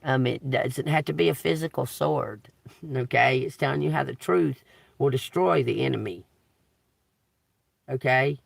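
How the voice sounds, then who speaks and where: Man, tarot livestream, gravelly, dry close sound, emphatic, casual preaching. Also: mid-range voice, measured pace, long pauses, no echo. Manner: reads scripture then riffs casually, repeats "okay?" often; emphatic, swears and laughs while preaching. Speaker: tarot reader. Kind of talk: livestream spiritual reading.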